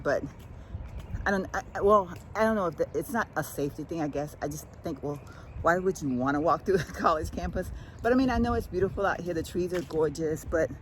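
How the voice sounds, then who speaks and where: A chatty woman vlogging straight into her phone held at arm's length, drifting from one topic to the next. Her talk is loose and friendly, full of y'alls. Clear traffic and outdoor noise sit behind her voice. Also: sits low, low-quality recording. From Texas. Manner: chatty, rambling, keeps addressing viewers as y'all. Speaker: lifestyle vlogger. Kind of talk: casual chat to camera. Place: at home, then walking outdoors and in a car. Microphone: phone camera at arm's length.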